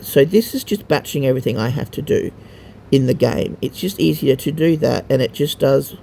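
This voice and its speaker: Male gamer, deep-toned and gravelly, casual hesitant walkthrough with lots of filler and the odd swear. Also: mellow, a little hiss or hum. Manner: rambling and hesitant, many ums and restarts. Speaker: mobile gamer showing a game to a friend.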